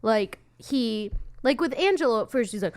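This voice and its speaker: A woman co-hosting a casual podcast chat, talking in an animated way and acting out quoted movie lines as she retells scenes. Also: a little high, moderate pace. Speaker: podcast co-host.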